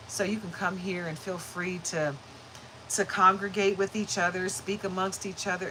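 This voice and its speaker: Bright-voiced woman chatting on a livestream. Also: lowish voice, a little hiss or hum, poor audio. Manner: chatty and upbeat, laughs often, greets viewers by name. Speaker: spiritual reader and livestream host. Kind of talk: casual livestream chat.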